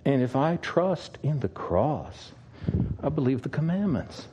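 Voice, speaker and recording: An older man, a pastor, preaching an earnest sermon with long pauses and a pleading tone. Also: mid-range voice, sing-song, mellow, breathy edge, muffled recording.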